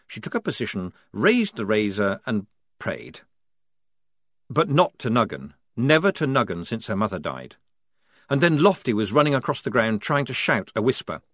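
A man narrating an audiobook in a measured, expressive way. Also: fairly low pitch, dry recording, studio quality. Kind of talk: scripted narration.

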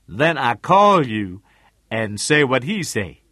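A man's voice: mid-range voice, sing-song, slow pace, sharp tone, no room sound, clean studio sound, voice pushed up, heavily acted. A man voicing a streetwise male friend who talks in terse broken English. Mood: matter-of-fact. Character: streetwise male friend, agreeable, small-time fixer.

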